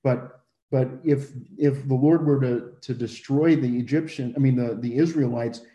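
A man teaching a Bible passage in a relaxed, conversational way, with many fillers and restarts. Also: mid-range voice, moderate pace, roomy sound, muffled recording.

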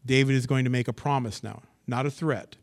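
A male pastor preaching a sermon, with a voice at a middle pitch. He reads scripture aloud and then comments on it. His delivery moves between soft, near-whispered asides and loud, rising bursts. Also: a little fast. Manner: expressive preaching, swings from hushed asides to excited bursts. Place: church assembly.

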